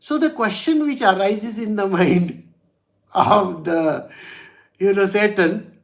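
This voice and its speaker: Chuckling spiritual teacher. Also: male voice, high voice, animated, takes it slowly, pauses often. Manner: chatty, chuckles often, many "you know" asides. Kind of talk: storytelling religious discourse.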